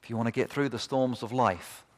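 Male pastor, mid pitch, unhurried, fervent sermon delivery, big reverberant sanctuary sound. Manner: impassioned, rising to fervent repeated cries. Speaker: preacher. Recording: long reverb of a large hall.

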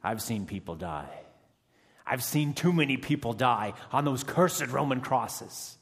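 A man playing a fierce, emotional rebel prisoner who has just been freed. He delivers a first-person dramatic monologue, swinging between hushed tones and loud outbursts with dramatic pauses. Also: medium pitch, animated. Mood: intense. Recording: long reverb of a large hall.

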